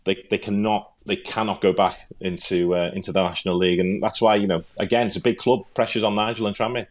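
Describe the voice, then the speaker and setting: Low-voiced Liverpool man chatting football. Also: fairly even intonation, fast. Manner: rambling, repeats words as he thinks. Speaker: podcast co-host and pundit. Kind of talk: casual football chat.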